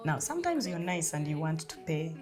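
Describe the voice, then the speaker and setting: Over music, a woman in her thirties with a Ugandan English accent briskly tells a personal story in a low-pitched voice. She is casual and animated, often laughing and acting out bits of dialogue.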